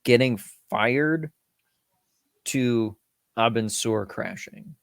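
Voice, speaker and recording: A man co-hosts a laid-back film podcast, talking over a movie in an animated way and acting out its scenes. His voice sits at an ordinary middle pitch. The recording is dry and close, with no room sound. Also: drawn-out words, creaky, dry recording. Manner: animated, acts out scenes and quips with laughter. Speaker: podcast co-host. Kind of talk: casual film-review chat.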